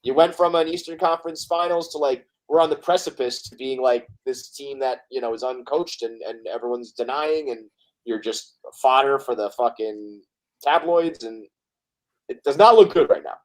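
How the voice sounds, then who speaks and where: Rambling, frustrated podcast co-host. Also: male voice, medium pitch, normal speed, poor audio. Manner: rambling, frustrated, lots of fillers. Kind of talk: casual sports chat.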